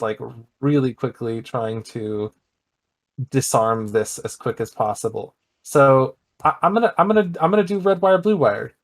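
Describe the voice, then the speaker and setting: Guy running a tabletop game, middle pitch, lots of uh and um while he describes stuff. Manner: hesitant narration with many fillers. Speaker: game master.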